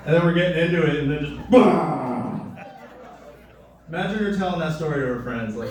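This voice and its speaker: Young male stand-up comedian, crude and rambling, a touch high, live in a very echoey club with the mic a little distant. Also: animated, moderate pace, a little hiss or hum. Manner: crude, rambling, jumps to loud high voices for quoted people.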